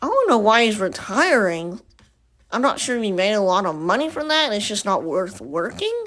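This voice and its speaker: A woman's voice: mid-range voice, big pitch swings, moderate pace. Rambling woman podcast host. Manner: thinks out loud, rambling asides. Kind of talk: casual chat.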